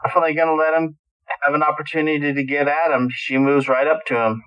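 A man's voice: a little high, little pitch movement, fast, dull audio, faint music behind. Offhand male tabletop player. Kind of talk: casual tabletop game play over a voice call.

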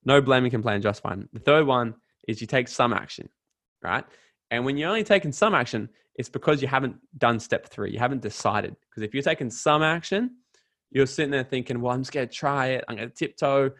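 Energetic young Australian man, dry sound. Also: medium pitch, a little fast, no room sound. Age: 20s. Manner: emphatic, energetic, preachy, swears casually. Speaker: podcast guest. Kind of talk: motivational talk.

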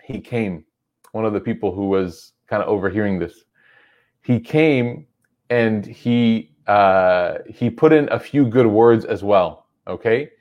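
A man's voice: on the low side, a little slow, highs cut off. A man giving a religious lecture, retelling a story in a loose, conversational way full of "like" and "you know".

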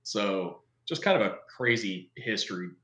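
This Californian man, appearing as a guest, speaks at a moderate pace with a fairly low, slightly bright voice and lively intonation. He tells stories casually, using slang and acting out quoted voices, in a recording with a roomy echo and a little hiss or hum.

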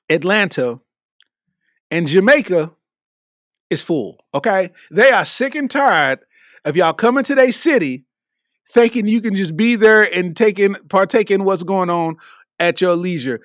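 A man from Kentucky runs a podcast alone, working through a comedic rant. His voice sits high and swings wildly up and down as he preaches his points and breaks into laughter. The sound is dry and close to the mic. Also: fairly bright tone, no room sound. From Lexington, Kentucky. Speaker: podcast host.

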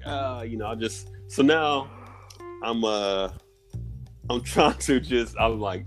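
A man in his forties chatting casually, telling a story with lively animation, acting out both sides of conversations and laughing often. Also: mid-range voice, slow pace, soft background music. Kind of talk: casual chat.

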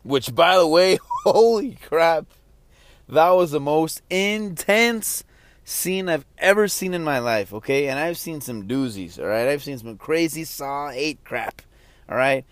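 A man's voice: on the high side, expressive, unhurried, no echo. A young adult man hosting a podcast, rambling in a casual, slangy and self-mocking way. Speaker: podcast host.

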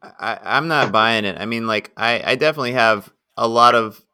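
A man in casual podcast chat, telling stories in a measured, self-deprecating way. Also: mid-range voice, sharp tone, clean tone.

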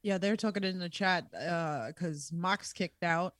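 A woman's voice: fairly low pitch, a little slow, a bit bright. A woman co-hosting a casual podcast chat, chatty and giggly with playful asides. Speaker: podcast co-host. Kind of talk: casual wrestling recap chat.

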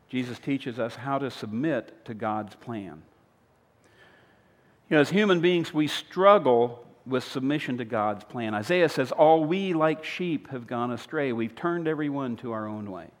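A pastor preaching a sermon, retelling a story with humor, swinging between loud emphatic lines and quiet earnest appeals. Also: male voice, medium pitch, lively intonation, measured pace, long pauses. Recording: long hall reverb.

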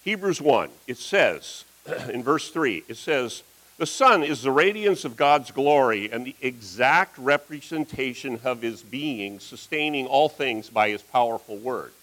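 A middle-aged man preaching a sermon as pastor, telling a story with animated delivery and acting out the voices of the people in it. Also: mid-range voice, a little slow, low-quality recording.

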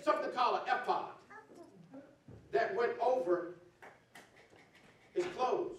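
A man preaching a sermon as pastor, talking to his congregation as y'all and rising into shouts. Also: extremely high pitch, slow, pauses often. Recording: echoey hall, distant mic, faint ambience.

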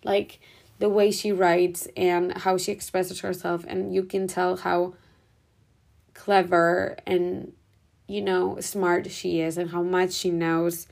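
Young woman podcast host, low gravelly voice, flat delivery, loose and rambling. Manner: rambling, heavy use of "like" and "whatever". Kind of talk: casual reflective monologue.

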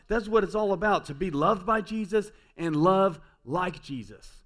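A man preaching a sermon as pastor, conversational and earnest, with frequent restarts, swinging between emphatic peaks and quiet, softer passages. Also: high voice, animated, measured pace, few pauses.

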